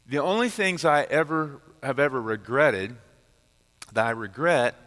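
A middle-aged man, a pastor preaching a sermon and retelling a story with dramatic swings from loud to hushed. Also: mid-range voice, unhurried, big-room sound. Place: church sanctuary.

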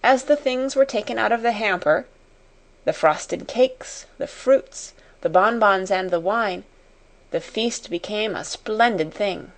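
Woman audiobook narrator, unhurried, measured delivery. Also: medium pitch. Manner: slow, measured reading. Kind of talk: scripted narration.

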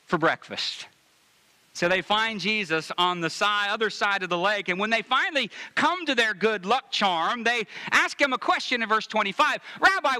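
Bright, high-voiced preaching man. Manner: preaching with wide swings between hushed low passages and raised emphatic ones; reads scripture aloud and comments on it directly to the congregation. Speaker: pastor. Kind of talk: sermon.

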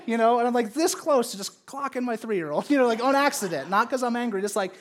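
Animated high-voiced male pastor. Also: fast. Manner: casual, animated, acts out his kids and God in raised voices. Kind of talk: sermon. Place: church service with congregation.

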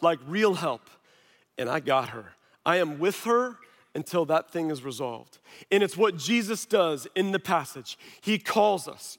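A man in his thirties, a pastor preaching a sermon through an animated personal story full of quick asides. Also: sits high. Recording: long hall reverb.

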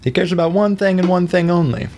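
A man's voice: high-pitched, quick pace, a little mellow, slight background noise. Laid-back man on a podcast. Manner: laid-back, swears, laughs often. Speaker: podcast co-host. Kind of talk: casual podcast chat.

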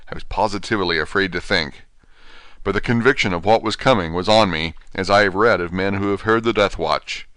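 A man narrating an audiobook in a steady, measured reading. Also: deep voice, clear, resonant tone, no echo. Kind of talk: scripted narration.

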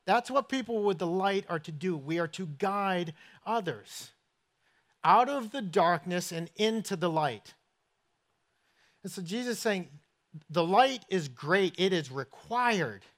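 Animated and a little slow, this pastor's fairly bright voice sits high as he preaches in a church. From southern New England and carrying its accent, he tells stories conversationally and keeps asking his listeners questions.

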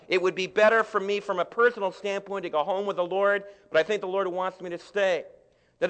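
一位中年男牧师在讲道，嗓音偏高，语气像聊天，时而压低时而高亢，大教堂里有长长的回声。. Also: male voice, sits high. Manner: conversational, swings from hushed to loud. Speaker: pastor. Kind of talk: sermon. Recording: long echo of a large hall.

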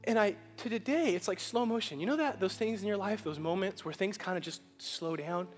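A male pastor preaching a sermon and telling a personal story. He moves between loud, animated passages and hushed, emotional ones. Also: high voice, a little fast. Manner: animated, swings from shouting to hushed. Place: church sanctuary. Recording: church hall with long reverb, faint music.

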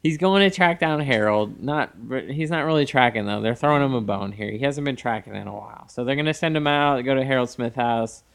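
Man, podcast co-host, recapping plot, deadpan wisecracks, casual. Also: mid-range voice, brisk, creaky, few pauses. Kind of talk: casual chat, recapping an episode.

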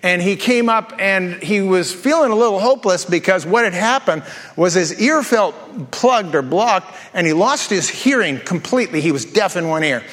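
High-voiced joking pastor preaching. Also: male voice, lively intonation, fairly bright tone, long reverb tail. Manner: jokey storytelling, quick asides and self-repeats. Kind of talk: sermon.

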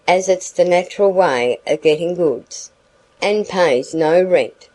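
Storybook peddler, young man, sly and flattering, rustic speech, read by a woman; unhurried, mellow. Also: on the low side, low-quality recording. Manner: rustic dialect, wheedling flattery.

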